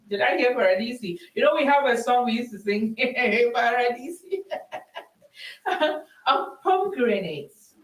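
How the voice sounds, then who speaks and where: A woman hosts a Christian women's show, chatting her way through Bible verses. She slows down to stress each line she reads and laughs often. Her voice rings in a roomy space and sits some distance from the mic. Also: a little high, expressive. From Ghana. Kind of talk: teaching on scripture for a live audience.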